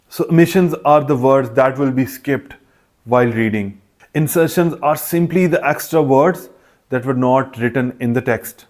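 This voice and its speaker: A man's voice: medium pitch, a little mellow. A man teaching exam preparation in a methodical, scripted way, listing points one by one. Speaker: test prep instructor. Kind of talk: scripted instructional explanation.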